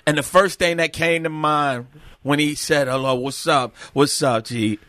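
Effusive high-voiced male host. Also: fairly even intonation, a little slow, sharp tone, no room sound, clean studio sound. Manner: effusive, exclaiming. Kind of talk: casual chat.

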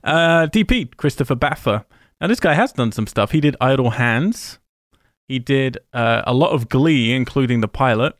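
A man's voice: medium pitch, animated, moderate pace, no echo. A British man with a London accent, chatting on a podcast and reeling off film credits with dry laughs. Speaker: podcast co-host. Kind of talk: casual chat.

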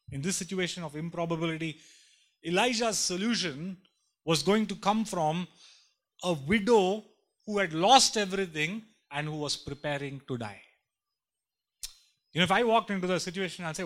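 A man's voice: a little high, fairly bright tone. A man preaching a sermon emphatically, repeating lines and building in intensity. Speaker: pastor.

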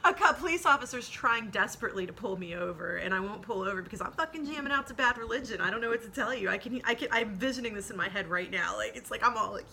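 A woman's voice: mid-range voice, sharp tone. Female podcast host, brash and profane, rambling anecdote, faint noise behind her. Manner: profane, rambling, laughs through story. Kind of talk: casual storytelling.

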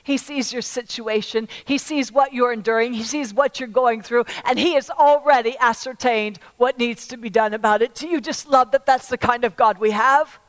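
A woman preacher delivering a sermon to a congregation, emphatic and repetitive, swinging from loud appeals to hushed words. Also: a little high, normal speed, few pauses, low-quality recording. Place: church service.

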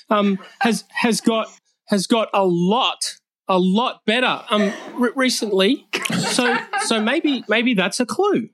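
A man's voice: sits high, a bit bright, no echo, voice pushed up. A man putting on a jittery, stammering young guy who trips over nearly every word, loading his talk with ums and broken-off starts. The voice sits well above the performer's own, thin and anxious. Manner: heavy stutter with constant ums and restarts. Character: timid stuttering young man forced into a roast.

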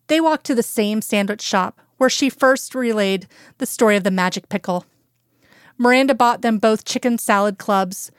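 A woman narrating a fan fiction story aloud at an even, measured pace, recorded close to the mic. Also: mid-range voice, clean tone, no echo.

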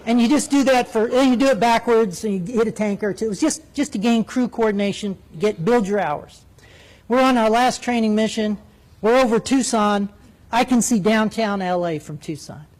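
Animated storytelling male pilot. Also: sits high, moderate pace. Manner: animated, acts out radio calls. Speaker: military jet pilot. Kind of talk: spoken storytelling.

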